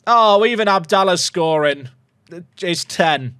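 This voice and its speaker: A man commentating his own football management game, excitable and jokey, reacting loudly to goals. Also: high-pitched, slow pace, smooth, no echo, clean studio sound. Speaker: gaming YouTuber.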